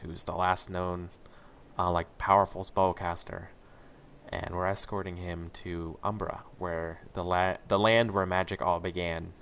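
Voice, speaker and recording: Deep-voiced man from Washington State. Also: fairly bright tone, a little hiss or hum. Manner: casual, rambling with fillers. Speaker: player. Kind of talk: casual game introduction.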